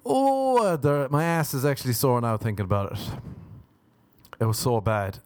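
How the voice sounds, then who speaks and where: A man's voice: medium pitch, animated, moderate pace, darkish tone, dry recording. A man hosting a solo podcast, rambling and swearing cheerfully and mocking himself, with bursts of nonsense sing-song. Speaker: podcast host. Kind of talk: casual solo podcast monologue.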